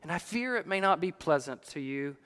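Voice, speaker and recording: A man's voice: fairly high pitch, expressive, a little fast, a bit bright, clean tone, in a large hall. A man reading aloud the lines of a joyful, reformed old miser in an earnest, eager way.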